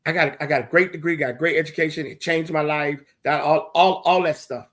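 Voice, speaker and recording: An older man who is dean of a theology school, telling stories to graduating students in an emphatic, animated and humorous way. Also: fairly high pitch, quick pace. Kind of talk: conversational remarks to graduates.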